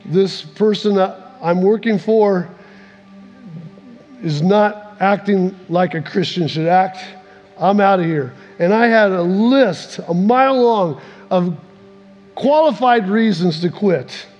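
A man's voice: slow, darkish tone, highs cut off. A male pastor telling a personal story in a sermon, acting out what people said with big swings in voice. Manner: storytelling, acts out quotes with big swings in pitch. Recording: echoey hall with faint music.

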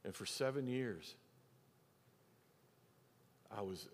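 A man's voice: on the low side, animated, moderate pace, slight background noise. A middle-aged man preaching as pastor, telling a personal story and acting out the voices of the people in it. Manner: storytelling, acts out quoted voices, drops to near whisper for emphasis. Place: church sanctuary. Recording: reverberant hall.

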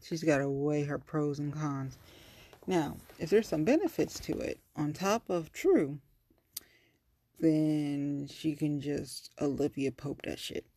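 A woman's voice: low-pitched, takes it slowly. A young woman talking casually and bluntly to her listeners, cursing freely and acting out her stories. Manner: blunt, profane, animated storytelling.

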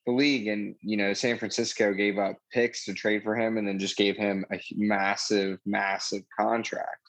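A man's voice: on the low side, flat delivery, normal speed, a bit bright, rough recording. A man co-hosting a casual sports podcast, rambling and full of "you know" fillers.

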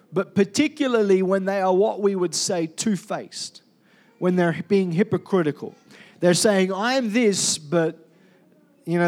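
A high-voiced male pastor delivering a sermon with loud, energetic drive. He keeps prompting the congregation to say key words back to him.

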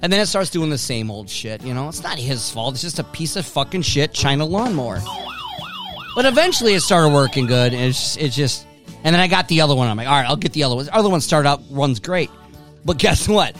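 A man's voice: fairly high pitch, animated, a little fast, a bit bright, faint music behind. A middle-aged man hosting a casual chat, laughing often and swearing freely. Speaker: podcast host.

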